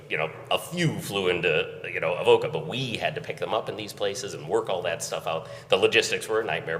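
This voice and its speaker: Deep-voiced man telling a story in a hall. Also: a bit bright, distant mic. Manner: conversational, recounting with chuckles. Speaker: event organizer. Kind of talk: conference talk storytelling. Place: conference hall. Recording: echoey hall, voice from afar.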